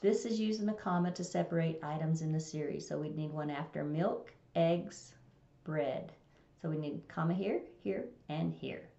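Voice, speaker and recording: A woman's voice: low-pitched, moderate pace, creaky, mellow. A woman teaching a recorded grammar lesson, explaining plainly and reading example sentences aloud. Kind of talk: recorded test-prep lesson. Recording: echoey room, dull lo-fi sound.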